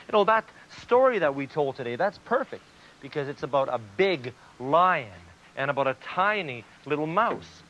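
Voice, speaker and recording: A man with a bright, fairly high voice tells a children's story in a gentle, animated way, leaning into each turn of the tale. The sound is dull and lo-fi like an old 1990s TV broadcast, with faint music behind. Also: a little hiss or hum. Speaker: children's TV host.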